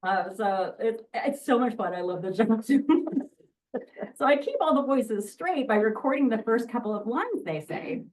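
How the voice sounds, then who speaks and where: A woman's voice: a little high, normal speed, distant mic, a little hiss or hum, low-quality recording. Chatty woman narrator, heard from afar. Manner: lively, chatty, jumps into voice demos. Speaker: audiobook narrator. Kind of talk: presentation to an audience.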